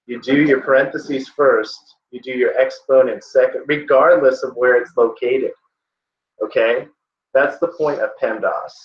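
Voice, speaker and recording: A man's voice: medium pitch, steady tone, unhurried, slight background noise. A male tutor giving a casual classroom lecture, conversational and often checking in with the class. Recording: echoey classroom, distant muffled mic.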